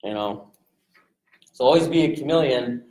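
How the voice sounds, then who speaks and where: A man coaching a group on sales rapport in a casual, energetic way, jumping into quick voices to act out phone calls. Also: medium pitch, roomy sound, low-quality recording. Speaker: real estate investing coach.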